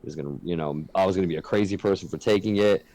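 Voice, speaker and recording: A man co-hosts a casual podcast in a frank, earnest way, swearing freely as he talks. His voice sits a little low, and the sound is close and dry with no room echo. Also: racing, mellow. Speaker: podcast co-host.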